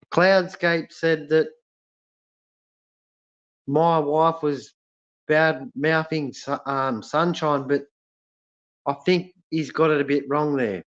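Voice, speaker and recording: A man's voice: fairly high pitch, fairly bright tone, clear, resonant tone. Australian man chatting on a dull lo-fi stream. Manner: halting, many fillers and restarts. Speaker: livestream host reading chat. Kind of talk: casual live-stream chat. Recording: lo-fi dull sound.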